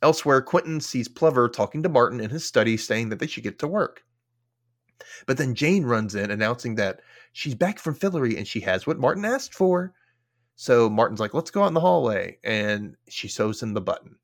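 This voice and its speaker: A man of middle pitch talks through a TV episode on his podcast, rambling and informal. He leans heavily on filler words and swears freely. His delivery is loose and conversational. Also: expressive, moderate pace. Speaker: podcast host. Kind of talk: casual episode recap.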